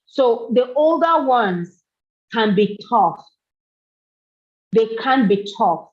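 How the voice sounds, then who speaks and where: A woman's voice: on the high side, lively intonation, slow. Earnest middle-aged woman giving a talk. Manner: earnest, repeats phrases for emphasis. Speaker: speaker at a parenting summit. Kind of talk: motivational talk. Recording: dull lo-fi recording.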